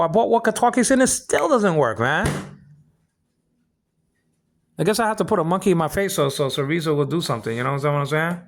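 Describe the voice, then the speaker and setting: A man's voice: a little high, slight background noise. A man ranting in a rambling personal monologue, stumbling over repeated words and complaining indignantly. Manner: rambling, repetitive, stammering restarts. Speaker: vlogger.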